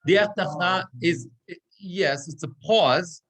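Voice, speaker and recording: A man's voice: high-pitched, slow, a bit bright, low-quality recording. A man teaching a class on Torah reading as cantor, explaining chant rules and chanting Hebrew verses. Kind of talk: online class lesson.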